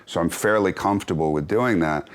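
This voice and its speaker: A deep-voiced man in his fifties answers interview questions in a loose, candid way. He is reflective and self-deprecating, with wry chuckles between thoughts. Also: brisk. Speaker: actor and author, interview guest.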